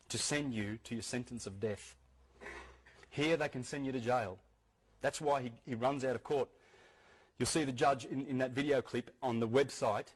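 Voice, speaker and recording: With a medium pitch and a breathy edge, a man delivers an earnest talk to an audience in lecture style, frequently restarting sentences and repeating important phrases.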